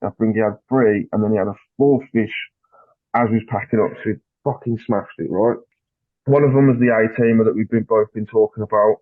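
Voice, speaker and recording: A man guest on a podcast, telling a story in casual chat, animated and swearing, acting out what people said. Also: lowish voice, fairly quick, no room sound. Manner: animated, swears, acts out dialogue. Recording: dry tinny phone-like line.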